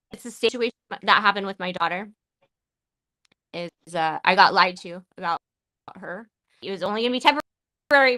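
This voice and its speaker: A woman talks on her live podcast in a bright, forceful voice, recorded dry and close. She swears often and speaks in halting bursts, stopping and restarting her sentences. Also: mid-range voice, dry recording, rough recording. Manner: emotional, profane, halting with many restarts. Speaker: podcast host.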